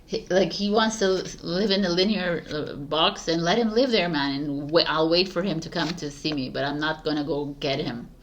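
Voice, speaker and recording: A woman's voice: sits low, normal speed, hardly any pauses, slight background noise. A middle-aged woman tarot reader from Canada, talking casually and passionately to her viewers, with frequent fillers. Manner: passionate, animated, laughs often, frequent "like" fillers. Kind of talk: casual spiritual talk to camera.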